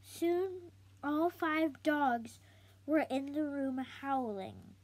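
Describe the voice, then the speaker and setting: A woman reading a children's book aloud slowly, halting now and then to correct herself. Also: high-pitched, animated. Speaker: storybook reader.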